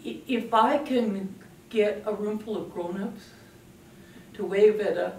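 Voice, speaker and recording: A woman leads a parenting workshop before a live audience, lively and acting out little scenes as she talks. Her voice fills a roomy, echoing space and reaches a mic set some way off, with a faint hum of noise behind her. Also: medium pitch, slow. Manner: animated, acts out scenes with a puppet. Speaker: parenting speaker. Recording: echoey room from a distant mic.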